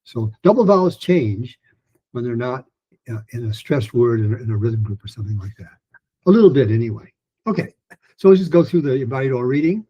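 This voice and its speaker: A man teaching a pronunciation lesson in a loose, rambling way, with many restarts, fillers and slowly modeled phrases. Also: mid-range voice, expressive, slightly rough, dull audio. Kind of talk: recorded lesson talk.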